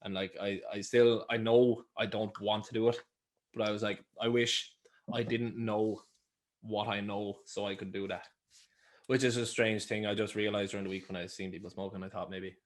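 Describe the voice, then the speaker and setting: A man's voice: on the low side, level tone, normal speed. A young Irish man co-hosting a podcast, telling rambling stories in casual chat and swearing freely. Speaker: podcast co-host.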